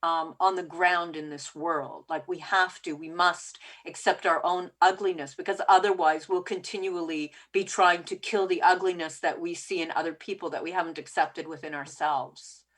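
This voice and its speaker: A woman's voice: on the low side, fairly even intonation, moderate pace, hardly any pauses, fairly bright tone. A woman with a Canadian accent hosting a casual interview, talking in a rambling way. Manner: rambling, lots of fillers. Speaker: podcast host.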